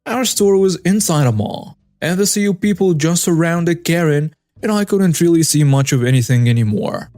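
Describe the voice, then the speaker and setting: Dry, slightly high male story narrator. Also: normal speed, few pauses, a little mellow, no echo. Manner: wry, conversational storytelling. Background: faint background music.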